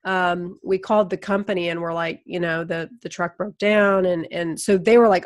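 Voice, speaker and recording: Animated, low-voiced woman storyteller. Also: normal speed, hardly any pauses. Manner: animated, acts out quoted voices. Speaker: interview guest. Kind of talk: casual conversational storytelling.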